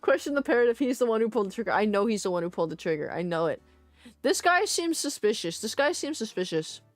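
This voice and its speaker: A woman's voice: mid-range voice, very animated, fast talker, dry recording, soft background music. A woman streamer playing a game, with playful, whiny commentary. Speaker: vtuber streamer. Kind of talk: casual let's-play commentary.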